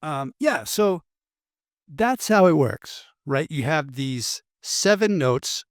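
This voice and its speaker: A man giving a relaxed, chatty guitar lesson, full of fillers and quick asides. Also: on the high side, no room sound, studio quality. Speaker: guitar teacher.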